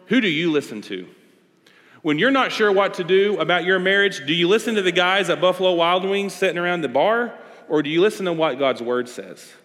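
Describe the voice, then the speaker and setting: Man preaching with a slightly high voice. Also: a bit bright. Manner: conversational preaching with repeated rhetorical questions. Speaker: pastor. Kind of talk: sermon. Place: large church hall. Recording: long church-hall reverb.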